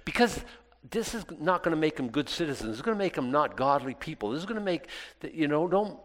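A man's voice: on the high side, big pitch swings, quick pace. A male pastor preaching in a casual, conversational way, acting out little prayers and back-and-forth dialogue. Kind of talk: sermon. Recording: long hall reverb.

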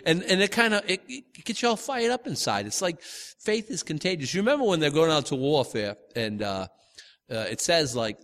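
A man's voice: on the high side, sing-song, moderate pace, a bit bright, in a large hall. A man teaching from the Bible in a loose, conversational way, stumbling over restarts and acting out the quotes. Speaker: preacher.

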